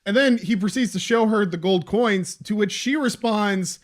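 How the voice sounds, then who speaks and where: A man with a somewhat higher voice co-hosts a casual movie recap, rambling through the plot and throwing in asides as he goes. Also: moderate pace. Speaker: podcast co-host.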